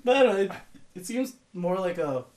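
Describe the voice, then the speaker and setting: A man's voice: high voice, sing-song, fairly quick, darkish tone, reverberant. A man in casual chat about movies and games, rambling with restarts and acting out quotes.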